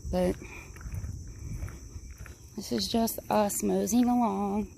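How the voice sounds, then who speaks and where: A woman chats her way down a wooded trail, rambling and excitable and slightly out of breath. Her voice carries a gravelly edge, and crickets sit faintly behind her. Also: medium pitch, slow. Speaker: vlogger. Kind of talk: casual walking vlog narration. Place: wooded park trail outdoors. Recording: outdoor recording, crickets and faint background noise.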